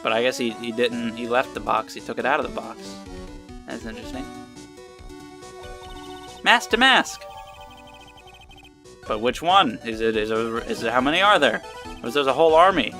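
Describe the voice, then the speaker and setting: A man's voice: medium pitch, fast talker, sharp tone, soft background music. A young man casually commenting while playing a game, rambling with joking asides to himself. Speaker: let's play host.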